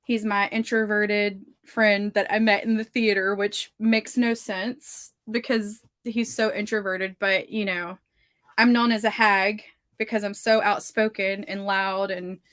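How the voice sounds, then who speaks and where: A woman's voice: medium pitch, level tone, measured pace, fairly bright tone, no room sound, clean studio sound. A woman with a Southern accent hosting a livestream writing session, chatting casually and reading out viewer comments, gushing and saying "like" a lot. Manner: chatty, gushing, heavy use of "like". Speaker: livestream host of writing sprints. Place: her home office.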